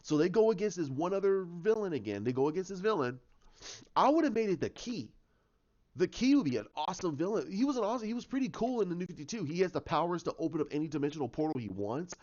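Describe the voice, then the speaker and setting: A man giving a casual fan rant, rambling and excited, with lots of restarts. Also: high voice, quick pace. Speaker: commentator. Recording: dull lo-fi sound.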